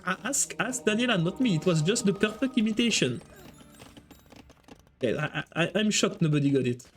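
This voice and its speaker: A man giving live esports commentary, excitable and joking as he jumps between calling the play and chatting with viewers. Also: high-pitched, normal speed. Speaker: esports caster.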